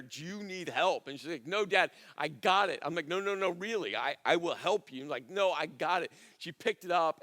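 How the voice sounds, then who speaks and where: A middle-aged man preaching a sermon as pastor. He talks conversationally, repeats his phrases, and drops almost to a hush on key words. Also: on the high side, in a large hall.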